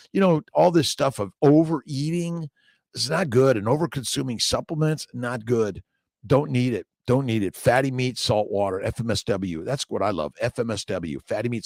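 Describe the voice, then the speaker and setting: A man's voice: medium pitch, dry recording, clean studio sound. A middle-aged man, a doctor hosting a morning livestream, talking loosely and repetitively as he reads viewer comments, preachy and casually swearing.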